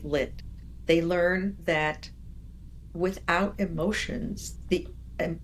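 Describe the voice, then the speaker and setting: An older woman, a professor as interview guest, telling animated stories in conversation and acting out quoted voices. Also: fairly low pitch, a little hiss or hum. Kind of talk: storytelling in conversation.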